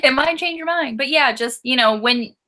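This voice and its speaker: A woman's voice: sits high, normal speed, pushed and bright. A young woman co-hosting a casual book club chat, enthusiastic and giggly, with lots of filler words. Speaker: co-host.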